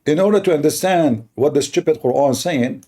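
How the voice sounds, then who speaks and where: Combative man with a very dark voice. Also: on the high side, lively intonation. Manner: mocking, combative, halting with many restarts. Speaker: livestream debate host. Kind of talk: heated live-stream debate.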